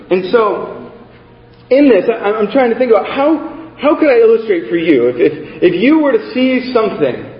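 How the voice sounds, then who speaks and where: Pastor, male, high-pitched, animated storyteller, echoey hall with long reverb. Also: lo-fi sound. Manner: animated storytelling, rising to excited exclaims. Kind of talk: sermon.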